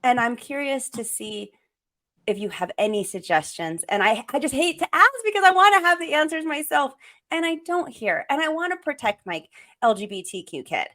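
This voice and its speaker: A woman's voice: sits high, animated, normal speed, sharp tone. A woman hosting a parenting podcast who talks openly and earnestly as she asks her guest questions. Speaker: podcast host. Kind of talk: conversational interview.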